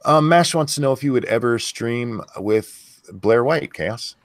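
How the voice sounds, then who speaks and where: A man's voice: medium pitch, expressive, measured pace, no room sound, studio quality. A man hosting a live stream, talking in a blunt, profane, casual way and reading chat messages aloud. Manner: blunt and profane, many fillers and restarts. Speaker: host of a live stream show.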